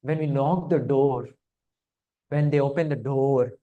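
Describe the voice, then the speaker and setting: A man's voice: mid-range voice, steady tone, a little slow, phone-quality sound. A man leading a scripture study class. He talks interactively, asks his listeners questions and often hums between points. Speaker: spiritual teacher.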